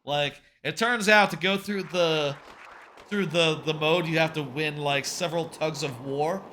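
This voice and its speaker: High, bright-voiced rambling male streamer. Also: a little slow, a little hiss or hum. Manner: rambling, filler-heavy, swears casually. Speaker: charity streamer. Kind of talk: casual gameplay commentary. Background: faint game music.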